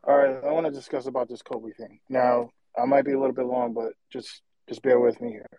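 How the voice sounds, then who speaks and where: A man's voice: mid-range voice, steady tone, fairly quick, muffled recording, a crowd in the background. A man calling in to a show, giving a long, passionate and rambling opinion, often repeating himself. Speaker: caller. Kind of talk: opinionated call-in rant.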